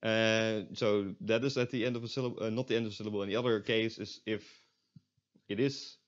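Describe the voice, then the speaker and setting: A man's voice: lowish voice, steady tone, a little fast. A young man teaching a beginner's language lesson, explaining step by step with frequent fillers and self-corrections. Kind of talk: recorded online lesson. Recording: dull lo-fi recording.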